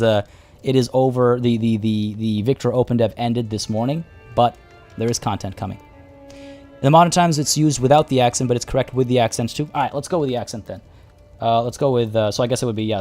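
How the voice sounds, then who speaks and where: A man's voice: mid-range voice, fairly quick, a little mellow, soft background music. A man streaming a strategy game, talking casually to his chat as he plays. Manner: chatty, thinking aloud and answering chat. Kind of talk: casual live-stream commentary.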